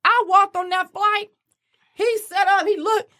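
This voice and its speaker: Woman, high bright voice, lively storyteller, chatty and profane. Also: unhurried. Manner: animated, acts out quotes, swears freely. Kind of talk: casual chat.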